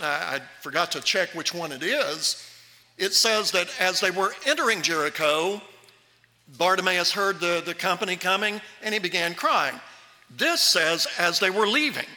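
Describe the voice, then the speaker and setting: Male pastor, high bright voice, lively sermon delivery, hall echo. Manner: animated, acts out the Bible voices.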